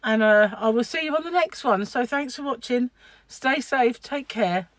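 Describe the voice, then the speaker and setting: A woman's voice: on the high side, lively intonation, moderate pace, no room sound. A middle-aged woman chatting casually to camera in a vlog, telling a story and laughing often. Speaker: vlogger.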